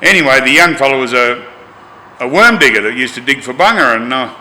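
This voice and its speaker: An older Australian man telling a rough-and-tumble story from his past in a colloquial, animated, yarn-spinning way. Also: medium pitch, brisk, long reverb tail, rough recording. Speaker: interviewee. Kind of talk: storytelling anecdote.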